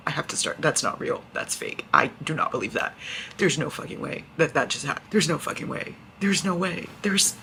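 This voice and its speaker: A woman vlogging casually about a book series, excitable, swearing and reacting loudly as she reads. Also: on the low side, moderate pace, vocal fry, a little hiss or hum, poor audio. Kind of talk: casual reading vlog.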